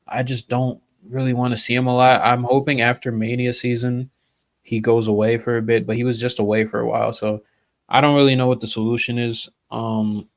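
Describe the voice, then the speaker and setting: Frank man rambling on a podcast. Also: mid-range voice. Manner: frank, profane, loose and rambling. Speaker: podcast co-host. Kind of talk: casual wrestling podcast chat.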